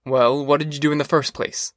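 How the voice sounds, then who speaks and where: A man voicing a gruff, commanding armed lawman in an audiobook. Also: fairly high pitch, little pitch movement, fairly quick, no echo, clean studio sound, close to an everyday voice. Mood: curt. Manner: curt, commanding.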